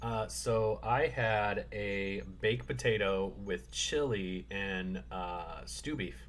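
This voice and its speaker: A man hosting a casual podcast chat, relaxed and easygoing, laughing easily and walking through ideas step by step. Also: lowish voice, takes it slowly, slight background noise. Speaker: podcast host.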